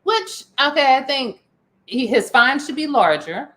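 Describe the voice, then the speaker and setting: A woman's voice: sits high, very animated, measured pace, a bit bright. Giggly, playful woman hosting a chat. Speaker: podcast co-host. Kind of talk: casual chat.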